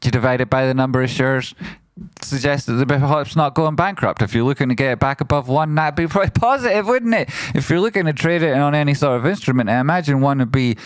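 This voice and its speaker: A man hosting a trading livestream, bouncing between playful shout-outs to viewers and quick remarks on trades. His voice sits at an ordinary middle pitch, and the sound is close and dry with almost no room around it. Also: clear, resonant tone, no echo. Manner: excitable, jokey, rapid shout-outs with playful exclamations. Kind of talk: lively livestream chat, reading out members and donations.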